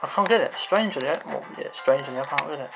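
A man's voice: on the high side, lively intonation, fast, creaky, low-quality recording. A man giving frustrated gameplay commentary, swearing and exclaiming. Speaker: gamer. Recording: game music behind the voice.

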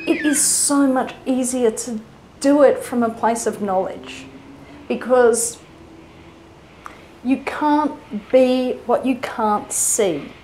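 A woman's voice: fairly high pitch, a little mellow, slight background noise, rough recording. Australian woman lecturing, chatty and loose. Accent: educated New South Wales Australian. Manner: chatty, many fillers and restarts. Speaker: writing teacher. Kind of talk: casual lecture on literature.

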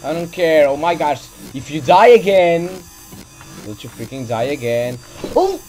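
With a voice that sits low and is a little mellow, a woman gaming channel host talks at a moderate pace in let's-play commentary. She's close to a desk mic near the keyboard, scolding her character in exasperation and swearing over faint game music.

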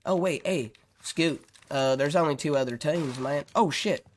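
A man streaming a shooter game, giving excitable, profane live commentary. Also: on the high side, unhurried, a little hiss or hum. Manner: excitable, swearing, reacting to the game.

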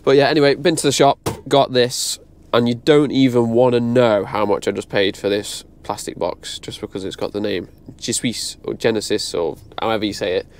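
A man's voice: mid-range voice, fairly even intonation, moderate pace, slight background noise. Chatty man in an echoey room. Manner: chatty, self-deprecating, explains as he goes. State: a bit ill, tired. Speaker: electrician vlogger. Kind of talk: casual vlog chat. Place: building site and van, handheld camera. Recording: long reverb in an empty room.

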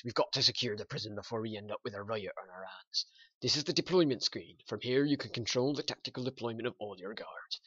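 Guy doing game commentary, hyper and sweary, reads the on-screen tips out loud, bright voice. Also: mid-range voice, no room sound, muffled recording.

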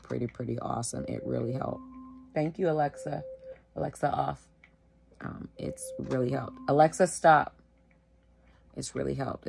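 Woman, sick and wheezy, tired slow talk, deep fry in the voice, at home. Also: background noise. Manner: tired, slow, filler-heavy. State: sick, wheezing and short of breath. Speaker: vlogger sharing her illness. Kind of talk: casual talk to camera.

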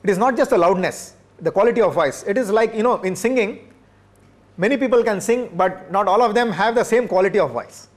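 A male professor from India lectures teachers in a high voice at a slightly quick pace. He repeats his points for emphasis and poses rhetorical questions to the audience.

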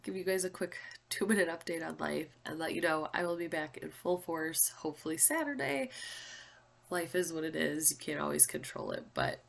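A woman's voice: lowish voice, creaky. A stuffy, congested young woman hosting a casual vlog update, chatty and apologetic with many fillers. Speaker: channel host.

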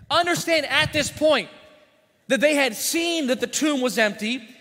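A man preaching a sermon as pastor, repeating phrases in a steady cadence, sometimes rising loud and sometimes dropping quiet. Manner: swings from loud emphatic lines to quiet low-voiced ones. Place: church sanctuary. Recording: reverberant church sanctuary.

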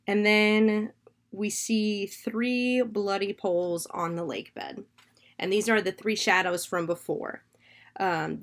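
Chatty woman recapping a horror film. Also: mid-range voice. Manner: chatty and animated, filler-heavy, swears freely. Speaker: podcast host reviewing a horror film. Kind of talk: casual spoken film recap.

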